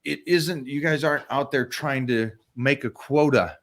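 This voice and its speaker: A man in his sixties hosts a casual chat, speaking at a medium pitch. He rambles emphatically, often repeating himself and restarting sentences. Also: normal speed, a bit bright. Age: 60s. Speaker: show host.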